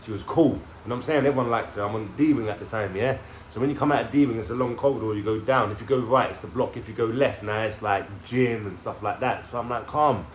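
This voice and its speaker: A man's voice: fairly low pitch, fast, few pauses. A man telling his life story to camera in casual street slang, swearing and checking in with "yeah?". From London. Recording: echoey room with faint background noise.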